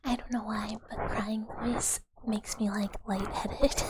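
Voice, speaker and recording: A woman streamer in soft, giggly, rambling whispered casual chat with a breathy voice. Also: medium pitch, flat delivery, slow.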